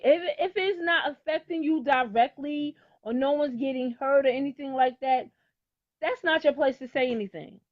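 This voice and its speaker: A woman's voice: high-pitched, no room sound, lo-fi sound. A middle-aged woman in casual chat, talking in a blunt, outspoken and emphatic way.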